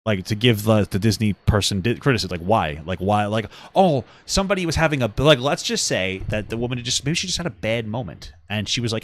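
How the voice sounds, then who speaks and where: A man co-hosting a podcast, ranting with a lot of swearing and swinging between low mutters and yelling. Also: animated, fast talker, hardly any pauses. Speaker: podcast co-host. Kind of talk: casual podcast chat.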